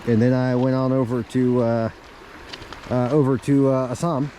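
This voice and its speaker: A man telling a rambling deadpan comic tall tale, halting often and restarting his sentences. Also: mid-range voice, a little hiss or hum. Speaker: storyteller.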